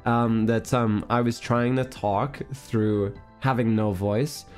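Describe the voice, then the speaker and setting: Man, young adult, slightly hoarse, chatty and animated storytelling, faint background music. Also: medium pitch, slow pace. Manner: rambling, animated storytelling with laughs. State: hoarse, recovering voice. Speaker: streamer. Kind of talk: casual chat.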